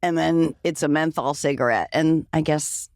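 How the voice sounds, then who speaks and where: A woman comedian guesting on a podcast, delivering crude jokes slowly and deadpan, laughing often. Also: low voice, no echo, studio quality. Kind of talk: comedic casual chat.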